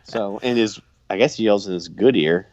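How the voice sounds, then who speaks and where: A man's voice: on the low side, normal speed, highs cut off, slight background noise. A man co-hosting a casual wrestling podcast, joking and laughing often as he talks. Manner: jokey, animated, laughs often. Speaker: podcast co-host.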